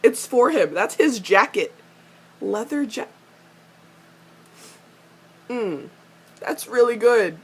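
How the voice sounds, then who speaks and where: This young woman's delivery is slow and breathy, with frequent pauses, as she recaps a TV episode like an eager fan. Swearing freely, she gushes and rants at the characters, laughs often, and lets out high squeals when excitement hits.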